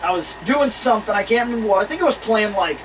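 A podcast co-host telling stories in casual chat, animated and swearing freely, laughing between lines. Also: mid-range voice, fast talker, recorded from a distance, a little hiss or hum, low-quality recording.

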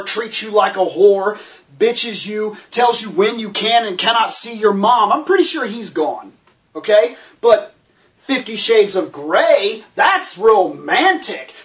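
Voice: medium pitch, a bit bright, far from the mic. A movie reviewer giving a profane, sarcastic rant about a film, with incredulous outbursts.

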